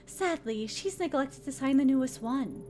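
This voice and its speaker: A woman's voice: high voice, lively intonation, moderate pace, a little mellow. A woman voicing a female yakuza boss in a game, speaking in a silky, mocking, coolly threatening way. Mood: taunting.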